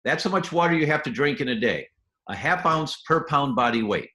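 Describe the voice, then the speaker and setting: Slightly high and expressive with a sharp tone, this man talks briskly in an echoey room. An eager guest doctor in a health advice interview, he explains habits stepwise and sometimes acts out small scenes using quoted voices.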